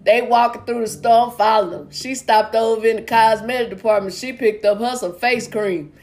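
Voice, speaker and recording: A woman's voice: fairly high pitch, steady tone, moderate pace, darkish tone. A woman doing stand-up over a video call, telling folksy jokes and acting out each character's lines. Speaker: stand-up comedian. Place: home, virtual comedy show.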